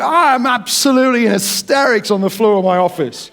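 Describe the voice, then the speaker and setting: A man preaching a sermon, telling a story in an animated, jokey way. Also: very high voice, brisk, vocal fry. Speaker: pastor.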